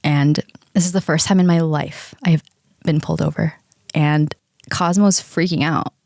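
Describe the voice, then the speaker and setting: A woman's voice: sits low, fairly even intonation, moderate pace, creaky, darkish tone, dry recording. Podcast co-host, woman in her thirties, loose chatty storyteller who swears and laughs, dry close sound. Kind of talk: casual storytelling chat.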